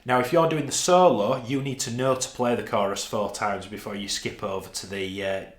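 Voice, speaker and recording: A man's voice: fairly low pitch, fairly even intonation, normal speed, echoey room. A man with a Northern English accent teaching a guitar lesson, counting beats and explaining parts as he plays. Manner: talks through parts while playing, counting beats aloud.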